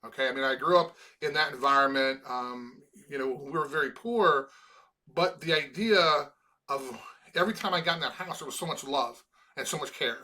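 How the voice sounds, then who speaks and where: A man's voice: medium pitch, sharp tone. A middle-aged man from Chicago, a former college football player, talking earnestly in an interview and often restarting his sentences. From Chicago, USA. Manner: earnest, halting with many restarts. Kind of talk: emotional interview conversation.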